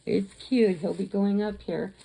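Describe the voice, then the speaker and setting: A woman's voice: mid-range voice, steady tone, unhurried, gravelly, dark tone, breathy edge. A woman crochet vlogger chatting to camera at home, retelling a story in a rambling, chatty way with restarts.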